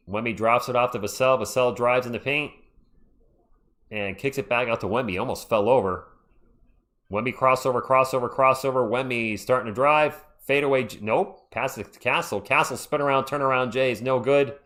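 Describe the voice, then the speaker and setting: A man doing live fan play-by-play from home on his own mic, excitable and chatty, breaking off to talk to his chat. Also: medium pitch. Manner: excitable, chatty, jumps between game calls and asides to chat. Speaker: livestream play-by-play commentator. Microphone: own microphone.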